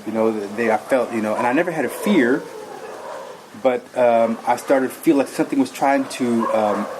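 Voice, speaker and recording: A man tells his own story in an earnest, rambling way, stopping often for fillers and restarts. His voice sits at an ordinary middle pitch. A faint noise hums under the recording. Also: moderate pace. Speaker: guest telling his story. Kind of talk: personal testimony.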